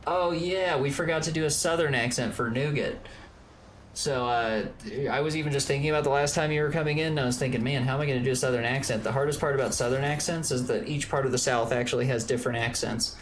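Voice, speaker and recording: A man from Georgia chatting casually on a gaming stream, his voice sitting at an ordinary middle pitch. He rambles and gets excitable, padding his sentences with filler words. A faint noise runs underneath. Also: fast. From Georgia, US South. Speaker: streamer, co-host.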